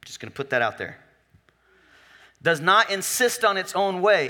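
A man preaching to his congregation with a bright, forceful voice pitched a little high. He talks loosely and jokes, checking in with the room again and again. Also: very animated, normal speed, pauses often. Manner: conversational, joking, asks the congregation questions. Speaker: pastor. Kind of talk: sermon.

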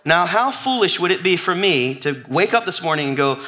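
This is a high-pitched man, a pastor, giving a lively sermon to a congregation at a moderate pace. He alternates between near-whispered lists and loud calls out to the crowd in the church.

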